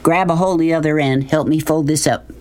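A man's voice: fairly high pitch, steady tone, fairly quick, darkish tone, pitched above the performer's own voice, natural voice. A weary, blunt woman who talks in a curt drawl, voiced by a male narrator. The voice is lifted well above his own. It is an audiobook reading. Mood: brisk. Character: weary, blunt middle-aged woman maid.

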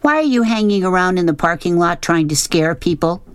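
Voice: mid-range voice, expressive, brisk, clear, resonant tone, dry recording, pitched above the performer's own voice, close to an everyday voice. A reader voicing an angry, grieving young girl who talks hard and snaps. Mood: sharp. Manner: hard, snapping, tearful.

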